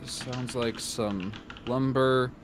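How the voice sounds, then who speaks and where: A man's voice: mid-range voice, fairly even intonation, background noise. A man voicing a courteous woman clerk at a shipyard front desk, in his own voice. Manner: brisk, courteous.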